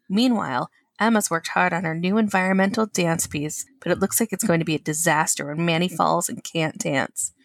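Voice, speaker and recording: A woman's voice: fairly low pitch, no room sound. A woman co-hosting a podcast in casual chat, joking and teasing in a playful way. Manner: playful, joking, self-mocking. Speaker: podcast co-host.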